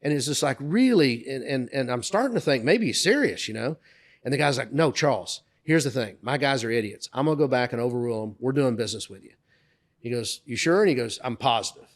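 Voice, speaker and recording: A man's voice: medium pitch, lively intonation, fairly quick. A middle-aged man co-hosting a podcast, telling career anecdotes in casual chat and raising his voice to act out the people he quotes. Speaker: podcast co-host.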